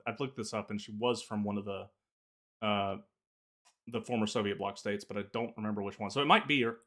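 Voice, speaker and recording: A man's voice: mid-range voice, pushed and bright. A man co-hosting a podcast, opinionated and chatty, laughing at his own jokes and stumbling over restarts. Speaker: podcast co-host. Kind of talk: casual chat.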